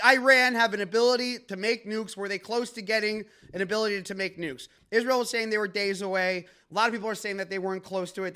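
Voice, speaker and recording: A man's voice: sits high, bright, forceful tone. A man hosting a comedic news podcast, rambling and joking with many fillers and restarts. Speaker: podcast host.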